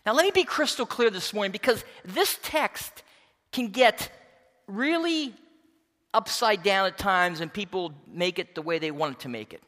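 A man preaching with a high, very lively voice that swoops up and down as he presses his points. His tone is bright and ringing, and a long hall reverb trails after his words. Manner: expressive preaching, emphatic, reads scripture aloud. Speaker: pastor. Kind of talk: sermon.

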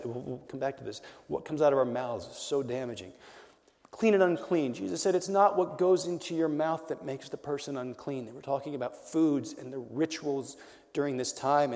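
A man preaching a conversational sermon as a pastor, swinging between loud emphasis and quiet, intimate lines. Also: on the high side, in a large hall.

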